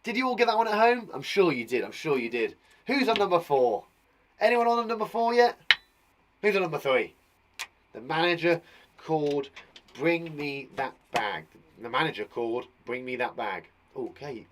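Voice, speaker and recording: An English man teaching young children online, his voice sitting a little high for a man. He is patient and encouraging, thinking aloud as he writes out each example. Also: very animated, normal speed, background noise. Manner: patient, encouraging, talks aloud while writing. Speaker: primary school teacher. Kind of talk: live online English lesson.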